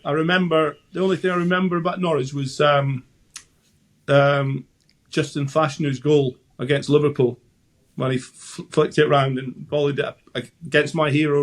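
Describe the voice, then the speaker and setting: A Scottish man in his sixties, a former goalkeeper, chatting as a guest and telling anecdotes with frequent restarts. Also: a little high. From Scotland. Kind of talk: casual interview chat.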